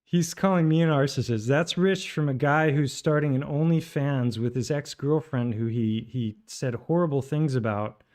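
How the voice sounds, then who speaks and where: A man's voice: medium pitch, a little mellow. Sarcastic indignant streamer man. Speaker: streamer commenting on a played clip. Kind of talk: live stream commentary.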